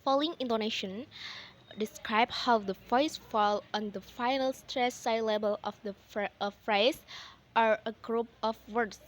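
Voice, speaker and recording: This is a young Indonesian woman presenting in a classroom style. Her voice sits a little high, and she reads with a careful, measured delivery. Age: young adult. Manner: careful, read-aloud delivery with frequent "okay". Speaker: student presenter.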